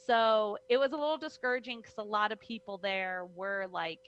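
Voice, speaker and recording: A young woman, a wrestler, telling her story in an animated interview, acting out the people in it, heard over a video call. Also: mid-range voice, normal speed, clean tone, muffled recording. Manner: lively, acts out voices in her stories, many "like"s. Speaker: guest, professional wrestler.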